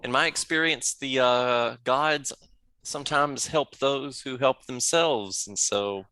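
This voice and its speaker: A man's voice: mid-range voice, takes it slowly, pushed and bright, smooth. A man playing an earnest male knight of a nature order, polite and hesitant.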